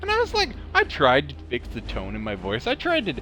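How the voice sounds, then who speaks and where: A man's voice: on the high side, wildly swooping pitch, fairly quick, pushed and bright, a little hiss or hum. A man with a drawling Idaho accent chatting loosely as he plays a game, rambling and laughing often with a snarky, self-mocking tone. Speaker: gamer commentating his play. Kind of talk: casual gameplay commentary with storytelling.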